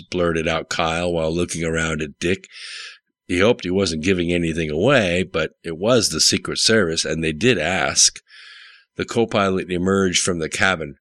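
Deep-voiced man reading a story. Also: moderate pace, a bit bright, no room sound. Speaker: narrator. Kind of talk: audiobook reading.

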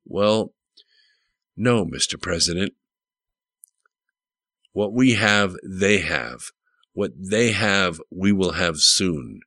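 A man's voice: deep voice, animated, slow pace, pauses often, pushed and bright, no echo, heavily acted. A man reading the lines of a stern, blunt, battle-hardened male general in an audiobook.

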